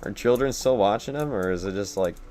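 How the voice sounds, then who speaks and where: A man's voice: on the low side, brisk, darkish tone, faint music behind. A young man live-streaming a game at his computer, rambling and joking at his own expense. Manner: rambling, joking and self-deprecating. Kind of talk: casual gameplay live-stream commentary.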